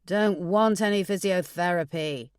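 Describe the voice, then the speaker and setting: In this audiobook, a frail older father grumbles like a stubborn teenager, then turns soft and nostalgic, as a woman puts him on. The voice sits a little low and comes across dry and close. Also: animated, unhurried, dry recording. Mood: grumbling. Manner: grumbling, sentimental.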